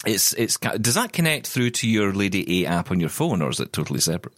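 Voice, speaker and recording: A man's voice: on the low side, very animated, quick pace, fairly bright tone, no room sound, studio quality. A man co-hosting a podcast, chatting casually and telling rambling stories full of asides. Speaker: podcast co-host. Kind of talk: casual chat.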